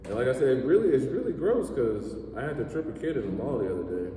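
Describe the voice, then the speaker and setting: A man in his thirties doing a stand-up comedy set, telling sarcastic, profane stories and jumping his pitch up when he acts out what he said. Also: very animated, mellow, slight background noise. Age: 30s. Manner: profane, sarcastic storytelling with quick pitch jumps. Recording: echoey hall, mic far off.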